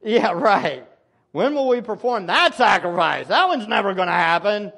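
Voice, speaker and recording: A preacher acting out a group of ancient temple priests, scoffing and offhand, who wave away a law they memorized but never practiced. The voice swings widely up and down as they chatter. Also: male voice, high voice, animated, normal speed, gravelly, a bit bright, full character voice.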